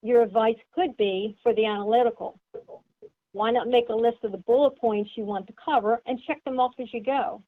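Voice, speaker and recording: A woman leads a sales seminar in a fairly high voice, laying out each point step by step. She turns questions back to her listeners as she teaches. The sound is thin and narrow, like a phone line. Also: steady tone, normal speed. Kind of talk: instructional seminar talk.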